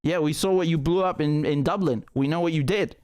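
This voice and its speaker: Male political streamer, slightly high-pitched, heated and sarcastic, restarts often. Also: fairly quick, a little mellow, clean tone. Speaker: host of a live political stream. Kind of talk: live-stream commentary.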